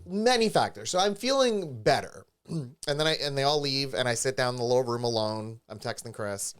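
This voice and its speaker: A man's voice: mid-range voice, expressive, moderate pace, fairly bright tone, smooth. A man co-hosting a podcast, telling a story animatedly in casual chat and acting out the voices of the people he quotes. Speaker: podcast co-host. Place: studio with a live stream.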